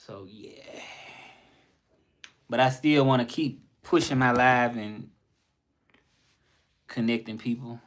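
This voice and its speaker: A man with a Southern US accent chatting casually on his livestream, relaxed and talkative, repeating phrases and slipping in some French. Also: mid-range voice, takes it slowly, pauses often. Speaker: interpreter and livestream host.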